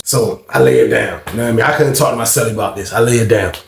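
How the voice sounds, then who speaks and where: A young man telling a casual storytime, animated and slang-heavy, swearing freely. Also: mid-range voice, fast talker, reverberant, slight background noise.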